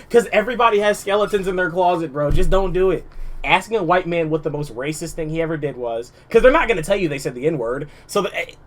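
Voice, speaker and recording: Streamer man, loud slangy reaction banter, lively pitch. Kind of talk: live reaction commentary.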